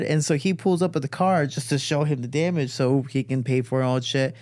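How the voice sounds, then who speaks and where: Man, from Chicago, podcast guest, animated storyteller, mid-pitched, dry studio sound. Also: fast, hardly any pauses, no room sound. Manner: animated, acts out quoted voices with big jumps up in pitch, swears freely.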